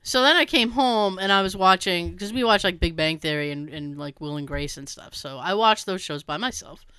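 A woman's voice: lowish voice, moderate pace, smooth, no room sound. A middle-aged woman co-hosting a casual chat, telling stories with lots of laughs and the odd swear word. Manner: animated storyteller who laughs often and swears. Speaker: podcast co-host.

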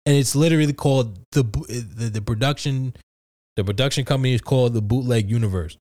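A man chatting casually, telling a story loosely and excitedly with lots of swearing and restarts. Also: mid-range voice, fast talker. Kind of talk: casual chat.

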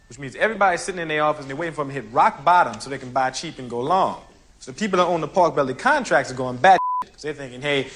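An actor playing a brash young con man turned trader in a film scene, talking fast and cocky in streetwise slang. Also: on the high side, fairly bright tone, a little hiss or hum. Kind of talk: film dialogue.

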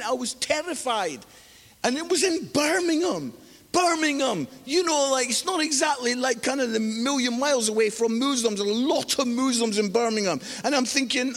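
High-voiced preacher in a reverberant hall. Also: male voice, moderate pace. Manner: animated, exclamatory, mimics voices in stories. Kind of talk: sermon with storytelling.

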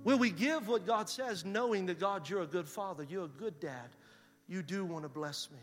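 A middle-aged man, a pastor telling a story in a sermon and building to loud preaching. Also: high-pitched, normal speed, soft background music. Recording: reverberant hall.

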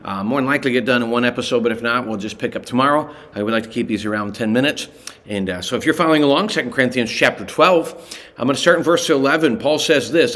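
A man teaching a relaxed daily Bible study, talking conversationally and often stopping to correct himself. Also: medium pitch, fast talker.

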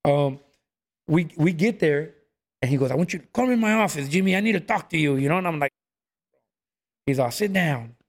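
A man's voice: fairly high pitch, brisk, long pauses. A man telling stories in a casual chat, acting out what people said. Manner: animated storyteller, acts out quotes, says "bro" a lot.

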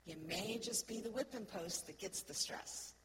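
A woman preaches earnestly to a congregation like a church speaker, frequently asking "right?" and shifting between quiet, slow phrases and loud, emphatic ones. Her pitch is medium, and there's background noise.

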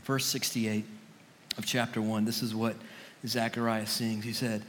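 A man's voice: fairly low pitch, level tone, unhurried, fairly bright tone. A man preaching a sermon as pastor, in a casual, conversational way with slangy asides. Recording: long reverb of a large hall.

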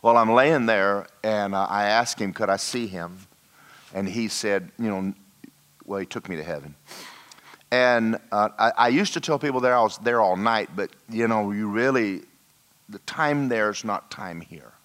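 A man preaching a sermon in a church, telling a personal story and dropping to a hushed voice for emphasis. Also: on the low side, measured pace. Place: church hall.

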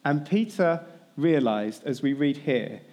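Male pastor, sermon, conversational storytelling, slightly high voice. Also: animated, slow pace, a little mellow.

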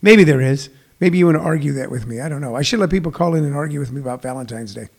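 A man's voice: a little high, rapid-fire, creaky. Rambling comedy podcast host, man. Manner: rambling, self-correcting, lots of uh fillers. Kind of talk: casual solo radio-style show.

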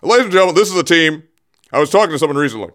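Guy hosting his radio show, goofy rambling teases, fairly high voice, studio mic. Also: lively intonation, racing, fairly bright tone. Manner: rambling, jokey, teasing, restarts mid-thought. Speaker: radio host. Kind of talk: casual radio monologue. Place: radio studio, also streamed on camera. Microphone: studio microphone.

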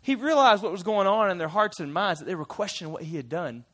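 A man with a high, slightly bright voice talks fast and expressively. Playing a folksy fisherman disciple, he retells his memories to a church group in a chatty, playful style full of side remarks.

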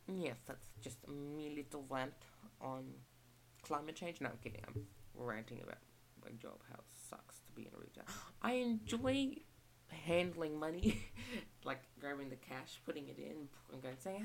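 A young Australian woman rambles on about her retail job in a relaxed, chatty way, now and then slipping into the voices of customers and coworkers. Her voice sits low and has a gravelly fry. Steady hiss runs under the home recording. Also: measured pace. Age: young adult. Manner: rambling, chatty, acts out shop exchanges. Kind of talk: casual rant vlog.

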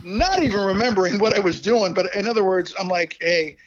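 A man telling a personal story as an interview guest, halting and heartfelt, with many fillers and restarts, on a dull lo-fi recording. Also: high-pitched, lively intonation, a crowd in the background.

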